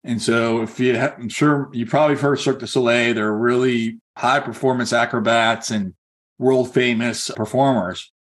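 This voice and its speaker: A man's voice: mid-range voice, fairly even intonation, moderate pace. A man giving a motivational talk as a real estate coach, telling a personal story in a conversational, encouraging way with many casual fillers. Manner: earnest and encouraging.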